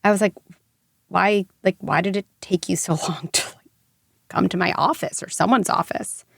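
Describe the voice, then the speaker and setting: Expressive woman psychologist telling stories. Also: fairly low pitch, moderate pace, creaky, no room sound, studio quality. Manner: emotional storytelling, many fillers. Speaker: clinical psychologist guest. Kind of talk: podcast interview.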